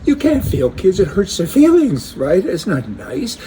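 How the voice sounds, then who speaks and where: Mocking impression of a shrill, outraged male governor, done by a man. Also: huge pitch swings, a little slow, dark tone, distant mic, slight background noise, exaggerated voice. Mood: mock outrage. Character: indignant male state governor, pleading.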